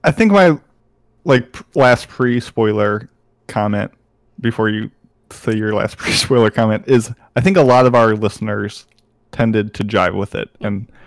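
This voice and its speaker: A young man co-hosting a podcast, talking in a relaxed, loose way full of fillers. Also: lowish voice, measured pace, creaky, no room sound. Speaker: podcast co-host. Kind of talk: casual anime review chat.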